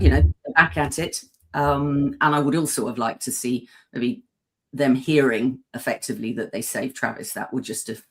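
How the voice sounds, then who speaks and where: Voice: mid-range voice, vocal fry. A podcast panelist giving a hesitant, casual review with many ums. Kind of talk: casual chat.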